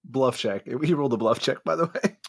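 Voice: mid-range voice, fairly quick, gravelly, breathy edge. A player in a tabletop role-playing game, asking questions and chatting in an amused way. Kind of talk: casual tabletop game play.

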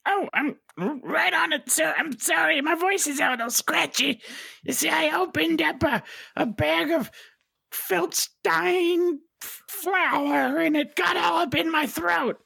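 A woman's voice: high voice, unhurried, sharp tone, exaggerated voice. A woman voicing a small sly male trickster bluffing as a cadet over a radio, in a scratchy voice, stammering flustered excuses. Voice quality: scratchy, raspy. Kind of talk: tabletop role-play voice.

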